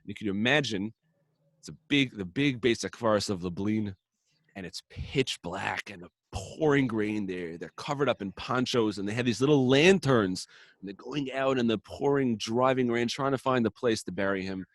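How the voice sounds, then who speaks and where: A man casually telling a story on a podcast, acting out the characters' quotes in lively voices. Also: lowish voice, normal speed, no room sound, studio quality. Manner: animated, acts out characters' quotes. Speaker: podcast co-host.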